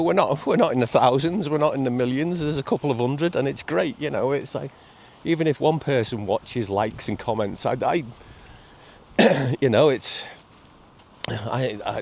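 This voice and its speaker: A middle-aged man, chatting casually in a walking vlog on a seaside promenade, halting with many repeats and fillers. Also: medium pitch, darkish tone. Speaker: vlogger. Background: faint outdoor ambience with traffic and seagulls.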